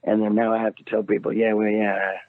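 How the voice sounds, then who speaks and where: An older man, a singer calling in as a guest, telling a story in an animated way, laughing often and jumping up high when he quotes himself. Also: fairly quick, no room sound. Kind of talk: casual phone interview storytelling. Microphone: phone call. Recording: tinny phone line, dry.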